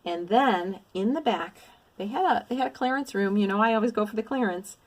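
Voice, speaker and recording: A woman's voice: mid-range voice, fairly quick. A middle-aged woman vlogging a craft haul in a casual, gushing, exclamatory way. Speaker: cross-stitch vlogger. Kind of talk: casual show-and-tell haul.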